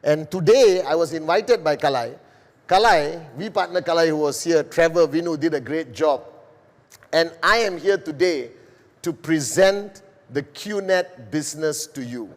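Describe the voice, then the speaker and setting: A middle-aged man from Malaysia delivers a sales presentation for a global broadcast. He speaks slowly and deliberately, in a fairly high voice. A long reverb trails after his words, as if in a large hall. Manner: slow, deliberate, addressing a global audience. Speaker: business presenter.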